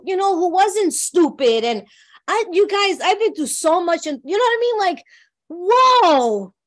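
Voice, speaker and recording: Middle-aged woman from New York, high voice, heartfelt and conversational recovery share. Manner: heartfelt, conversational, often asks "you know what I mean". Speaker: workshop speaker.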